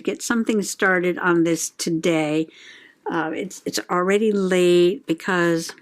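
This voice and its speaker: A middle-aged woman from the United States talks at an unhurried pace in a rambling, friendly crafting chat. She giggles often and drifts from one thought to the next while she works. Her pitch sits in an ordinary middle range. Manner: chatty, giggly, slow and rambling. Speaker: journaling channel host.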